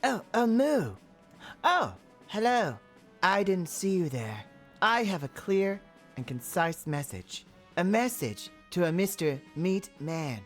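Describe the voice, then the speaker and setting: A man's voice: high-pitched, sing-song, slow pace, a bit bright, faint music behind, voice pushed up, full character voice. A man voicing a proud, defiant talking cow in a pompous, speechmaking manner.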